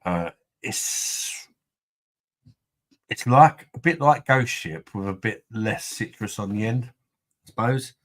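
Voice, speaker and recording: A man's voice: lowish voice, lively intonation, takes it slowly, pauses often, a bit bright. A man hosting a casual livestream, reading out viewer comments, jokey and rambling, tipsy from beer and laughing often. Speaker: livestream host.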